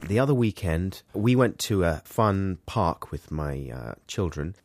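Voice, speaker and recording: A man co-hosts a casual comedy chat, rambling and poking fun at himself. His voice sits on the low side and moves around a great deal. The sound is dry and close. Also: animated, darkish tone, dry recording, faint music behind. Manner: rambling and self-mocking, quick to laugh. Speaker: co-host.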